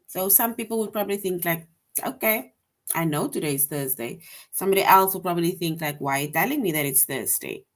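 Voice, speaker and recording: A woman teaching a grammar lesson to young children, patient and repetitive, often checking with "right?". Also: lowish voice.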